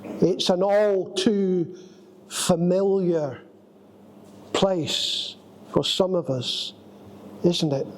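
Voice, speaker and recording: A man preaching a sermon in a church, telling a personal story with drawn-out, dramatic phrasing. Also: high voice, poor audio.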